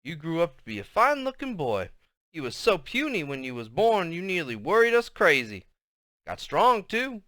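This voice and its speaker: A man voicing an elderly grandmother with a Southern US accent, loud, bossy and doting, speaking in a high, drawling voice. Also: big pitch swings, moderate pace, dry recording, clean studio sound.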